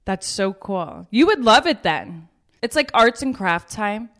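A woman in her thirties talking as a guest in a casual conversation, telling stories with lively acted-out quotes. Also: medium pitch, a little slow. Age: 30s. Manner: animated storytelling, acts out quoted voices.

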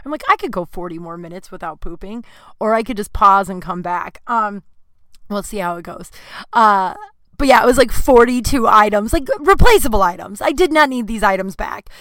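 Bright-voiced young woman telling a comic story. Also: medium pitch, moderate pace, no room sound, studio quality. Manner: rambling, animated, acts out quoted voices. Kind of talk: comedic storytelling.

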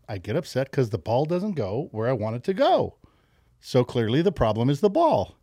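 Middle-aged man, podcast guest, lively storyteller who laughs a lot; dry close mic. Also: mid-range voice, moderate pace, dry recording. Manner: animated, laughs often, acts out quotes. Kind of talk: casual storytelling.

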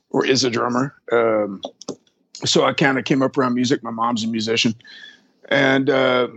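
Husky-voiced man telling road stories. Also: medium pitch, a bit bright, no room sound, dull audio. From Texas. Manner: rambling, profane, acts out quoted people. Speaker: drum tech. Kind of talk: casual storytelling interview.

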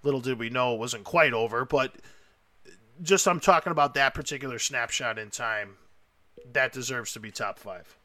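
A man hosting a casual chat, telling a story with excitable, emotional energy and lots of rambling. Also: medium pitch, moderate pace, no room sound. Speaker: podcast host.

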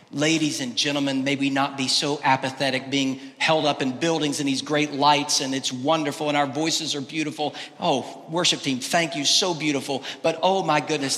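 A male pastor preaching a sermon, swinging between loud, emphatic exclamations and quiet, hushed lines. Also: medium pitch, big-room sound. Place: church sanctuary.

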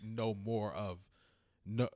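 A man from the Caribbean hosting a casual talk show, relaxed and joking with his co-host. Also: lowish voice, takes it slowly, no echo, studio quality. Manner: relaxed, joking, drops into put-on voices. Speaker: podcast host. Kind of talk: casual chat.

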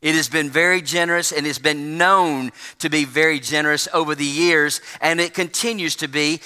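Bright-voiced man preaching in a church. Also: fairly high pitch, steady tone, moderate pace, few pauses, clean tone. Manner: folksy storytelling preacher. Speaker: pastor. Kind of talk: sermon. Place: church sanctuary. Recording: long church reverb.

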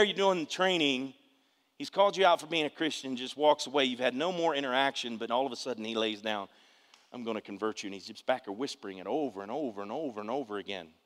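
Preaching emphatically with his own testimony, a pastor urges his congregation to answer back. His voice is mid-range with a fairly bright tone, and the hall around him is reverberant.

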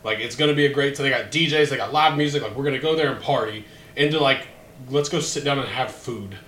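A man, a guest on a podcast, chatting excitedly and swearing between laughs. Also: medium pitch, fast. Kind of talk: casual podcast chat. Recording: echoey room with faint background noise.

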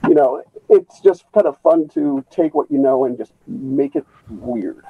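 Man, caller, rambling and halting, tinny phone-like line, dry sound. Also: fairly high pitch, huge pitch swings, creaky, husky, dry recording. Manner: halting, many restarts, earnest. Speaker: caller on a video call. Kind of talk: rambling casual chat. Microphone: video call.

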